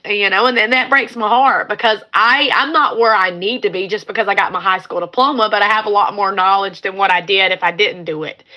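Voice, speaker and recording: A middle-aged woman from California hosts a casual livestream chat. Her voice sits a little high and has a bright, forward edge. She talks in a heartfelt, wandering way, circling back to repeat her phrases. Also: lo-fi sound. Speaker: livestream host.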